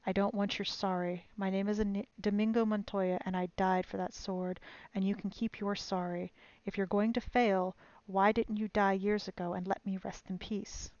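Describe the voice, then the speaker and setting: A woman's voice: medium pitch, level tone, moderate pace, a little mellow, dry recording, lo-fi sound, natural voice. A woman voicing the reproachful ghost of a dead swordsmith father, speaking with bitter reproach.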